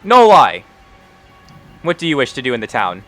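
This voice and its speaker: A man's voice: medium pitch, animated, rapid-fire, a bit bright, faint music behind. A man narrating a tabletop game as game master, in a laid-back, chatty way.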